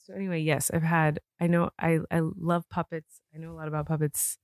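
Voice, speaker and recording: A woman's voice: sits low, little pitch movement, a little fast, no room sound, clean studio sound. A woman co-hosting a podcast from bed at home, chatting casually with lots of "like" fillers and frequent laughter. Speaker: podcast co-host. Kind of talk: casual chat.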